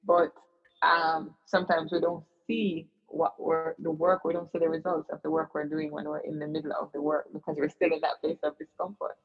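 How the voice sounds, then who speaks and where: A woman's voice: deep voice, flat delivery, brisk, breathy edge, faint music behind. A woman guest in an interview, telling a personal story in an earnest, reflective way with many fillers and restarts. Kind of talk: personal storytelling in casual chat. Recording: dull lo-fi recording.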